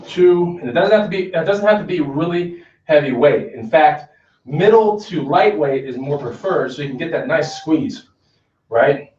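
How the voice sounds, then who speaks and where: A man's voice: fairly high pitch, animated, moderate pace, a little mellow. A man demonstrating a workout in a gym in a casual, conversational way, often checking in with "okay?". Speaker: fitness instructor. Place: gym, indoors. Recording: echoey gym from far off, dull.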